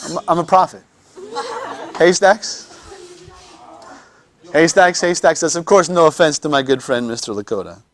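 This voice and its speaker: A man's voice: a little high, expressive, fast, few pauses. A man teaching anatomy in a classroom lecture, joking with students and often repeating words as he restarts.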